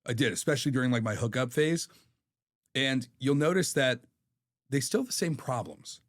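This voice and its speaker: A man's voice: medium pitch, moderate pace. A man in his thirties, a podcast guest telling stories in a candid, profane way. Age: 30s. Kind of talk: casual chat.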